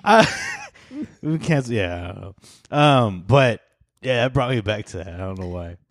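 A man's voice: on the low side, sing-song, moderate pace, no room sound, clean studio sound. A man co-hosting a podcast, chatting loosely with a friend, swearing and laughing often. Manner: loose, laughing, profane banter with bursts of mock shouting. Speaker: podcast co-host. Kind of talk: casual chat.

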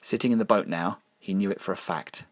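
Deep-voiced man narrating a grim tale. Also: no room sound. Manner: measured, grim storytelling with slowed emphasis on key phrases. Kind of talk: scripted horror story narration.

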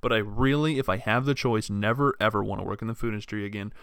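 A man's voice: fairly low pitch, steady tone, fast, gravelly, fairly bright tone, clear, resonant tone, dry recording, clean studio sound. A young man hosting a podcast, ranting in a casual, profane and rambling way, full of exasperated restarts. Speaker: podcast host. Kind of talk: casual solo rant.

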